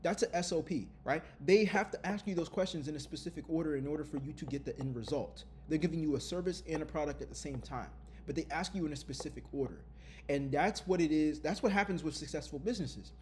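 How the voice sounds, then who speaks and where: A man vlogging openly to his viewers, earnest and lively, often repeating his phrases. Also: on the high side, a little hiss or hum. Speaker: content creator. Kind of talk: candid vlog talk.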